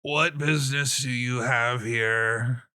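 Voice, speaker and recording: A man voicing a frail, withered old giant who speaks in slow, flat, curt sentences. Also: mid-range voice, clear, resonant tone, no echo, studio quality. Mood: stern.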